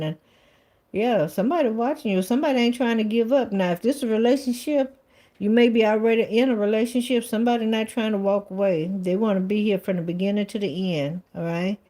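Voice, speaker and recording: A woman's voice: mid-range voice, dark tone. A woman giving a live-stream tarot reading in a casual, blunt way, swearing freely and saying "all right" and "okay" over and over. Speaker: tarot reader.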